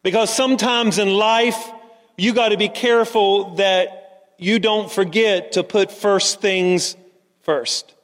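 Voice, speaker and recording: A man's voice: high-pitched, steady tone, slow, a bit bright, long reverb tail. A man preaching a sermon, telling a story and then asking the congregation earnest rhetorical questions. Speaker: pastor.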